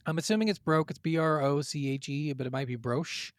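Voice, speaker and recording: A man's voice: fairly high pitch, expressive, fast, no echo, clean studio sound. A man co-hosting a gaming podcast, reading from notes, then riffing casually with swearing and stumbling over foreign names. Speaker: podcast co-host.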